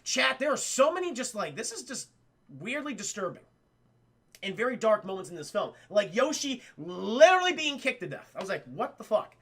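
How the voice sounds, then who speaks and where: Amped up dude recapping a movie to chat, cussing nonstop, gravelly edge. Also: male voice, high voice, a little fast. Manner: excitable, swears a lot, acts out scenes. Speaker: streamer film reviewer. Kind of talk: profane casual recap to stream chat.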